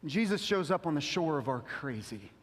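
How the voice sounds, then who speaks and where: Male pastor, high-pitched, casual slangy preacher with lots of energy, long reverb. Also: normal speed. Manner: casual, animated, slangy delivery. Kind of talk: sermon.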